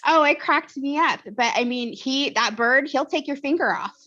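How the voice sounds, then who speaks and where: Bright-voiced woman telling animated stories. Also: high voice, moderate pace, muffled recording. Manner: animated storyteller who mimics voices. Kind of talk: casual conversation.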